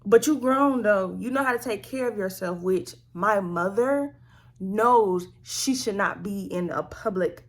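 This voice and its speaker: Husky woman telling an animated storytime. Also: on the low side. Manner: animated, slangy, conversational. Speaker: vlogger telling a family story. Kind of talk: storytime vlog.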